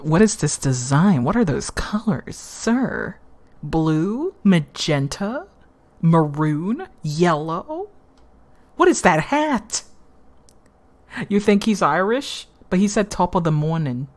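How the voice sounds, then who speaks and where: A woman's voice: lowish voice, sing-song, slow pace, darkish tone. A woman streamer giving giggly, swearing, casual commentary on a game.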